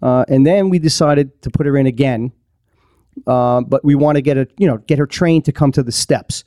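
A man's voice: medium pitch, normal speed, dark tone, dry recording, clean studio sound. A man hosting a podcast, telling a story in casual chat and laughing often. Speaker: podcast host.

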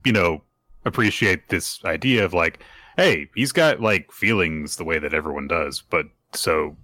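A man discussing a manga chapter as a podcast co-host, thinking out loud in a rambling, reflective way. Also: extremely low pitch, no room sound. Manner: thoughtful, rambling with fillers.

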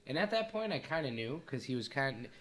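A young man chatting loosely as a podcast co-host. His pitch sits in the middle of the male range. He rambles with fillers and short laughs, and his voice often trails off at the ends of phrases. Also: very animated, brisk, fairly bright tone. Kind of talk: casual chat.

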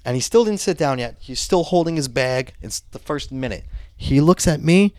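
A man telling a story in casual talk, animated and swearing often, acting out other people's voices. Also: fairly high pitch, normal speed, no room sound.

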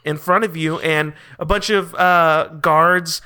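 A man's voice: a little high, fairly even intonation, bright, forceful tone, smooth. A man narrating as game master of a tabletop role-playing podcast, describing scenes with many fillers and restarts. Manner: filler-heavy, halting descriptions.

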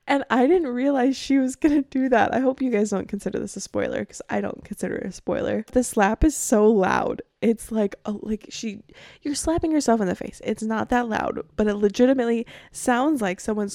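A woman's voice: on the high side, moderate pace, darkish tone, no room sound, clean studio sound. A woman hosting a podcast in casual chat, chatty and full of fillers, often laughing as she talks. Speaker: podcast host.

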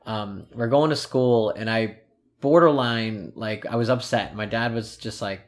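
A man's voice: on the low side, steady tone, normal speed. A man in his thirties co-hosting a podcast, telling a personal story earnestly with many restarts. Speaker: podcast co-host. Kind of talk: casual storytelling chat.

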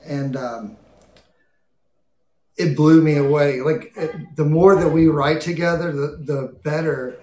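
A man in casual chat, speaking excitedly and emotionally in halting phrases. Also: a little high. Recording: echoey room.

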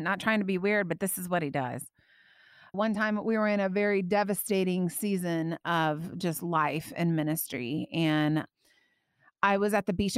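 A woman hosting a faith podcast, telling a personal story with animated, emotional delivery that climbs high when she quotes her prayers. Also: clear, resonant tone, no echo, studio quality. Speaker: podcast host.

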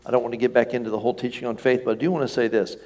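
A man preaching a sermon to his congregation in a relaxed, conversational way, often checking in with questions. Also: mid-range voice, racing. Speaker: pastor. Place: church sanctuary.

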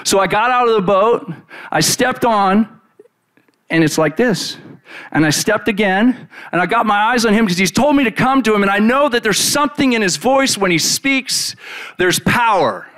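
Guy preaching, telling a bible story as if he was there, lively and casual, kinda high voice. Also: normal speed. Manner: animated, casual, full of "like" fillers. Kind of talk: first-person retelling of a Bible story.

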